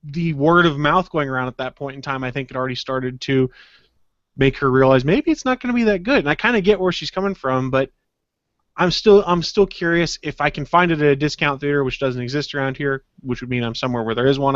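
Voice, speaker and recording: A man co-hosting a podcast in casual chat, telling anecdotes in a relaxed way. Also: medium pitch, quick pace, no room sound, dull audio. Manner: relaxed storyteller, acts out quotes. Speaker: podcast co-host.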